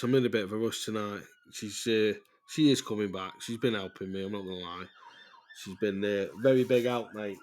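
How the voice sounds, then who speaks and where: A man, hosting a casual, rambling voice-note podcast, loose and chatty, swearing freely and laughing at himself. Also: on the low side. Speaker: podcast host.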